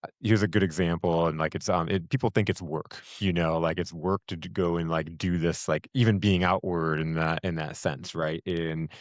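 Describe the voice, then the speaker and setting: A middle-aged man talks in a very low, deep voice, close to the mic with no room sound. He tells a story casually, with fillers and laughter. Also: fairly even intonation, normal speed, no echo. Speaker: host. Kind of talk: casual conversation.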